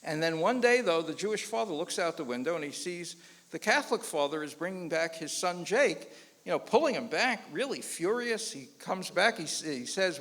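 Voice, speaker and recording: Male rabbi lecturer, lively joke-teller doing quoted voices, slightly high voice, long hall reverb. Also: normal speed. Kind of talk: public lecture telling jokes. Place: lecture hall before an audience.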